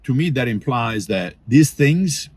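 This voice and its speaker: A man's voice: medium pitch, expressive, unhurried, darkish tone, slightly rough, dry recording. A man giving a conversational sermon about relationships, quoting example phrases as he goes. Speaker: preacher.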